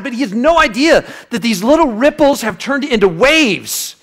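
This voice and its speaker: At a moderate pace and with hardly any pauses, a pastor preaches, telling a lively story. He switches between sudden loud bursts and a soft, low voice for reflective points.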